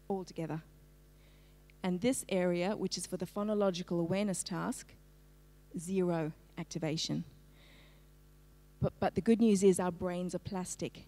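A middle-aged woman giving a lively, engaging literacy presentation to parents, asking her audience for a show of hands. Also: lowish voice. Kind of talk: live-streamed talk to parents.

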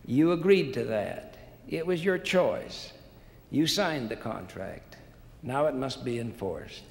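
Brief: man reading a stern, unyielding creditor with a gravelly voice in a big reverberant hall. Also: mid-range voice, expressive, slow pace. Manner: firm, unyielding. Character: stern male creditor demanding justice. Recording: long hall reverb, faint noise.

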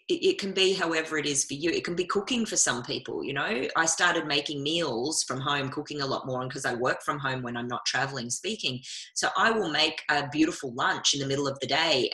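A woman's voice: deep voice, bright, forceful tone, reverberant, low-quality recording. A woman talking as a guest in a casual interview, upbeat and coaching in tone. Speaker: guest speaker.

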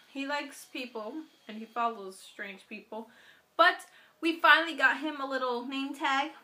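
A young woman vlogging casually to camera, playful and animated, slipping into baby talk with her dog. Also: sits high.

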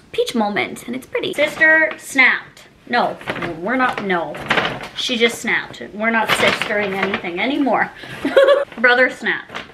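Young female vlogger, high lively voice, giggly haul chatter. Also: noisy background. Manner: bubbly, chatty, giggly, self-mocking. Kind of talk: casual haul chat.

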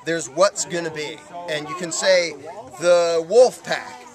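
A man's voice: a little high, fairly even intonation, takes it slowly. A man pressing his point insistently in a heated debate at an outdoor festival. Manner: insistent, challenging. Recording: outdoor crowd chatter behind.

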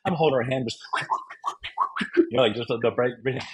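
Middle-aged male guest, raspy tone, animated and self-mocking storyteller. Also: medium pitch, fairly quick, rough recording. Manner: self-deprecating, joking. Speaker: guest author.

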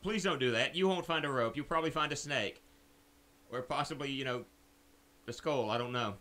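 A man's voice: medium pitch, brisk, long pauses, bright, forceful tone. A young man doing casual let's play commentary at a desk mic at home, reading the game's text aloud and cracking sarcastic jokes.

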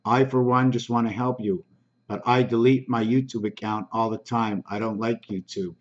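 A man hosting his own channel, slowly reading comments aloud in a halting, casual way with frequent ums. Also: mid-range voice, steady tone, muffled recording.

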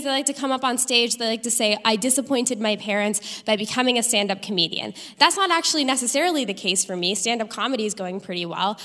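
Young woman comic on a reverberant stage. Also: a little high. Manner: deadpan punchlines, animated delivery. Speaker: stand-up comedian. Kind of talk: stand-up comedy set. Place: theater stage with live audience.

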